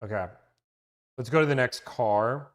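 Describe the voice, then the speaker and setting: A man's voice: medium pitch, unhurried. A man hosting a casual livestream, rambling and interrupting himself as he chats with viewers about car deals. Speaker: car-buying negotiation service host.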